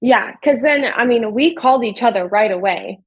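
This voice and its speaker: A woman's voice: on the high side, normal speed, slightly rough, no echo, muffled recording. A woman telling her story as an interview guest, talking casually with lots of "like" and acting out what people said. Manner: chatty, fills with "like", acts out quoted dialogue.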